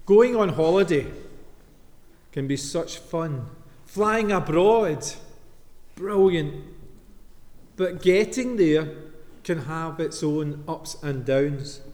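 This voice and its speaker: A man preaching a sermon as minister, telling a story with dramatic pauses. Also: a little high, animated, a little mellow. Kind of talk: sermon with Bible reading. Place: church. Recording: long reverb of a church.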